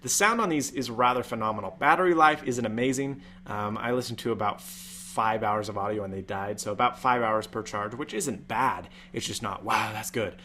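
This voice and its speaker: A man hosting a casual live stream, talking in a chatty way with deliberate jumps up in pitch. He is from Utah and sits several feet from a USB mic in a room with a fan. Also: sharp tone, a little hiss or hum. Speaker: tech live-stream host.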